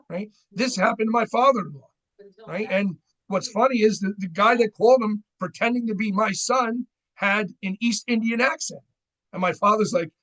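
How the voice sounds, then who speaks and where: Speaking in a high, fairly bright voice at normal speed, a middle-aged New Jersey man teaches a fraud seminar for a credit union. He's conversational with the audience and keeps tossing in "right?". The recording is rough.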